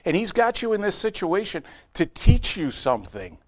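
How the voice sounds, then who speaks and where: Middle-aged guy pastor giving a sermon, lively up and down voice, does goofy honk noises in his stories. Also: high-pitched, normal speed. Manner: animated storytelling with honking impressions.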